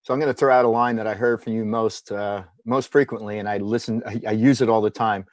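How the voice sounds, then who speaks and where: A man's voice: fairly low pitch, fairly even intonation, fast, no room sound. A man hosting an interview who asks casual, prompting questions. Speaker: host.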